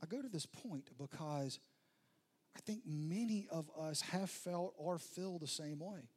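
Husky high-voiced male preacher. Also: a little slow, a little mellow. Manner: conversational storytelling, emphatic repeated phrases. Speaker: pastor. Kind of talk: sermon.

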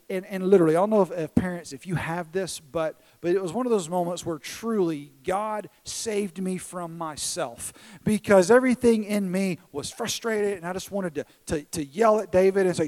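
A man's voice: high-pitched, normal speed, a little mellow, low-quality recording. A man in his thirties who is a pastor, preaching from a church stage in an earnest, self-deprecating storytelling way, often restarting his words. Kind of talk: sermon.

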